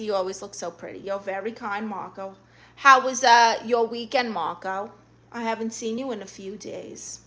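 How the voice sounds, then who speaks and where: A woman's voice: fairly high pitch, pushed and bright. A woman hosting a casual livestream, reading viewer comments aloud and answering them in a sassy way that keeps calling people honey. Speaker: livestream host.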